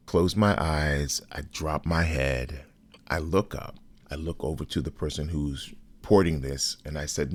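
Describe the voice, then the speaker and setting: A man and podcast host recounting a personal story in a measured, deliberate way, cursing bluntly at times. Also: a bass voice, steady tone.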